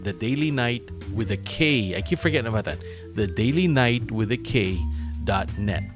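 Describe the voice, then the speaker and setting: A man's voice: on the low side, animated, normal speed. A man hosting a solo podcast, his voice tired and used up after a long recording. He rambles in a loose, self-mocking way, stumbling over fillers as he goes. Music plays faintly underneath. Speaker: podcast host. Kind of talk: casual solo podcast sign-off.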